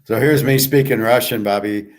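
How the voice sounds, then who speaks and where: A man's voice: medium pitch, moderate pace. A man hosting his own channel, chatting casually and rambling as he talks straight to a listener. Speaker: channel host. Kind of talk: casual rambling chat to viewers.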